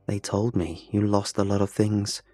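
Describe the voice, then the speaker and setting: A menacing prison inmate, as the narrator puts him on, with a low, husky voice and a calm, taunting delivery. He stays quiet and insistent, never raising his voice. Faint music plays underneath. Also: moderate pace, natural voice.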